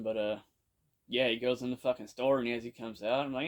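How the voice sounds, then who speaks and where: A man's voice: mid-range voice, fairly even intonation, a little fast. A man casually telling a story from his own past, rambling and swearing constantly, with lots of "you know". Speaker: podcast storyteller. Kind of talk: casual first-person storytelling.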